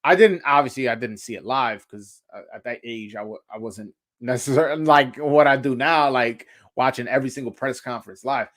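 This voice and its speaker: A man's voice: mid-range voice, normal speed, hardly any pauses, a bit bright. A man, hosting a casual boxing talk stream and rambling with lots of fillers and slang. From Brooklyn, New York. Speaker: boxing show host. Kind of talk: casual livestream chat.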